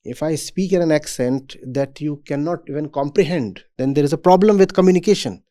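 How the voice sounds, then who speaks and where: A man giving a reflective talk to students as a spiritual teacher. He speaks in a deliberate, measured way. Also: on the high side, warm tone.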